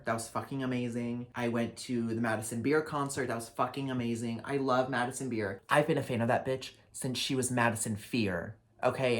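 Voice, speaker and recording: Young man, casual vlogger, mid-range voice, sassy and profane, dramatic asides, loud and low by turns. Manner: swings between loud outbursts and low mutters. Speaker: vlogger and drag performer. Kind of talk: casual year-recap vlog.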